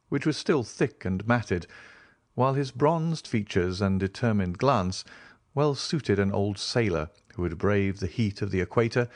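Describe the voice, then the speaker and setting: Male audiobook reader, lively pitch, dry close sound, classic novel narration. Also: no echo. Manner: expressive, varied reading.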